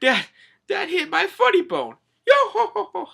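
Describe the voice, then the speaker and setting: A man's voice: expressive, a little slow, pushed and bright, heavily acted. Brook, a man doing a cackling skeleton. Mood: amused. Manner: high yo-ho-ho cackle. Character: laughing gentlemanly skeleton musician, male.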